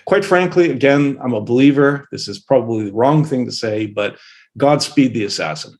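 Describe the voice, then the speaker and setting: A man's voice: mid-range voice, moderate pace. A middle-aged man from Canada, a professor being interviewed, speaking bluntly and telling vivid anecdotes. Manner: blunt, outspoken, vivid storyteller. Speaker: professor guest. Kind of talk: interview answers.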